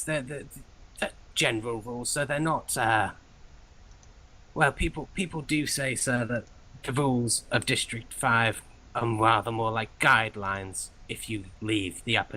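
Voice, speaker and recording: A man's voice: mid-range voice, bright, forceful tone, poor audio. A man voicing a nervous, overly polite male information clerk who stammers and apologizes.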